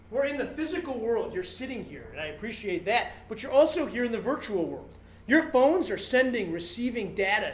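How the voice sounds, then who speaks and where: A man giving a joking, animated business keynote to a live audience, acting out customer exchanges as he goes. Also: high-pitched, a little hiss or hum. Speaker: guest speaker at a business talk series. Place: event room with a live audience. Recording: echoey room, mic at a distance.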